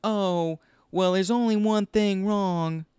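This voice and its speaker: A man putting on a high, giddy Harley Quinn. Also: steady tone, takes it slowly, darkish tone, smooth, no echo, studio quality. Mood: playful. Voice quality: high falsetto impression.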